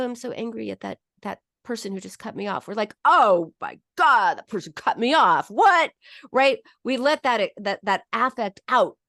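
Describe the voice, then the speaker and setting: Lively woman psychologist giving advice. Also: on the high side, dry recording, studio quality. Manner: animated, acts out quoted feelings, self-mocking laughs. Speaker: psychologist and host. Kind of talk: advice talk to camera.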